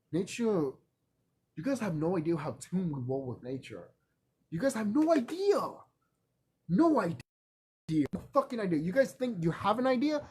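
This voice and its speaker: A man vlogging in a rambling, profane casual monologue, animated and laughing often. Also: a little high, husky.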